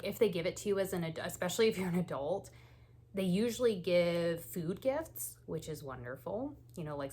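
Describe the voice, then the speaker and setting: A woman hosting a knitting channel, telling stories in a chatty, casual way with frequent laughs and lots of "like"s. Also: fairly low pitch. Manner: chatty, laughs often, many "like"s. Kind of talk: casual knit-and-chat storytelling.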